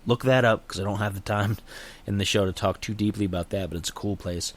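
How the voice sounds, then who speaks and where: Low-voiced rambling man. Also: steady tone, fast talker. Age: adult with a young daughter. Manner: rambling, unsure, often hedges and restarts. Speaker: channel host. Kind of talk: casual solo chat.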